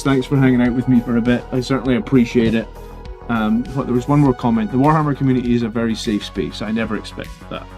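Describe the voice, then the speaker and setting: A tired man chats loosely to his stream audience, circling back with fillers and restarts. His voice sits at a middle pitch, and faint music plays quietly in the background. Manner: rambling, filler-heavy, relaxed. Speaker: hobby channel host. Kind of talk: casual livestream chat.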